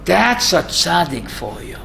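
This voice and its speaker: High, gravelly-voiced rabbi telling stories. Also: male voice, slow pace, crowd noise. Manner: animated, asks the audience questions. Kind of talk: storytelling Torah talk with audience.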